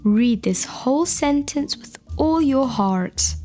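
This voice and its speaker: Very slow, encouraging woman teaching reading. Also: sits high, expressive, dark tone, faint music behind. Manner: encouraging, affirming, speaks directly to the child. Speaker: reading teacher for young children. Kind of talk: guided children's reading lesson.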